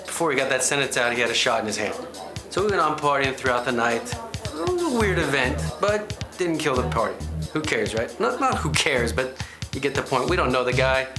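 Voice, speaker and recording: A man spins a comic true story as the host of a reenactment show, wandering off into asides before he gets back on track. His voice sits at an ordinary middle pitch, and music runs clearly under his telling. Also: sing-song, brisk. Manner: rambling, chatty, full of asides and digressions. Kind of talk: comedic first-person storytelling.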